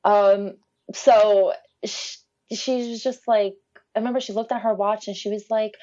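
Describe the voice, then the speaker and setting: Woman, casual storyteller, animated, mimics voices, laughs a lot, muffled lo-fi audio. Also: mid-range voice, moderate pace. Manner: animated, quotes people with lively voice changes, laughs often. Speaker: podcast guest telling her birth story.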